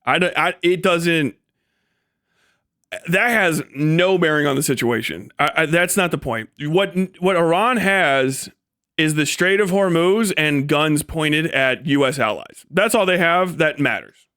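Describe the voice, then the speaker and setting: A man with a fairly high voice rants on a live stream, profane and mocking, often slipping into sarcastic mimicry. His voice is recorded close and dry, with almost no room sound. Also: a little slow, a bit bright, no room sound. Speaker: streamer host.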